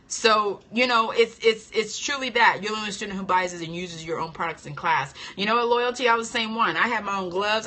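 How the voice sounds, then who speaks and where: A woman hosting a casual live-stream chat as an esthetician trainer. She is chatty and animated, answers viewer comments, and laughs often. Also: fairly high pitch. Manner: playful and expressive, laughs often.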